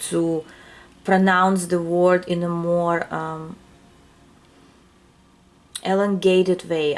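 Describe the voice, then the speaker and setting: A woman with a non-native English accent gives a casual tarot reading, musing aloud and searching for words. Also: on the low side. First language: not English. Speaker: tarot reader.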